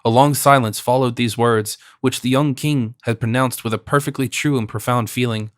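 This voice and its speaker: A man reads a classic novel as an audiobook, measured yet expressive, in a medium-pitched voice. The sound is studio quality with no echo.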